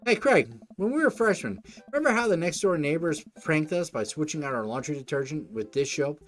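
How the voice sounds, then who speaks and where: A man voicing an upbeat, friendly suburban dad, raising his voice to a bright, chatty tone. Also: fairly high pitch, big pitch swings, a little fast, pitched above the performer's own voice. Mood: cheery. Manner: cheery, chatty, bright-toned. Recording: faint game music behind.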